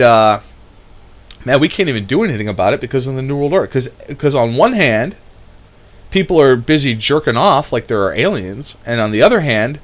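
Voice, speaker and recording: A man delivering sarcastic, mocking political commentary, swearing freely as he rants. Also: fairly low pitch.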